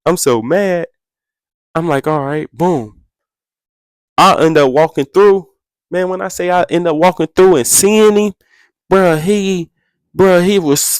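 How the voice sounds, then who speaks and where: A young man, a podcast guest, telling a story in an animated way, acting out quotes in a much higher voice and adding sound effects. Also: measured pace, long pauses, clean tone, no echo, clean studio sound.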